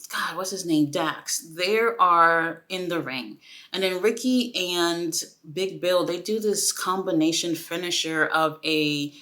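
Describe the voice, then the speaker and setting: A young woman giving a casual, excitable solo review of a wrestling show, chatty and full of asides. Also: lowish voice.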